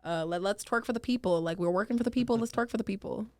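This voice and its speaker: A woman's voice: mid-range voice, fast, dry recording. Candid young woman, dry close mic. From Rhode Island, US. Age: young adult. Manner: candid, animated, laughs often. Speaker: guest, state senator. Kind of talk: casual interview answers.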